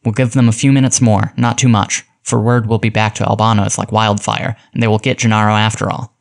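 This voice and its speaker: A man reading aloud and voicing a confident male criminologist who gives crisp, commanding orders. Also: fairly low pitch, level tone, fairly quick. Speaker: detective giving orders.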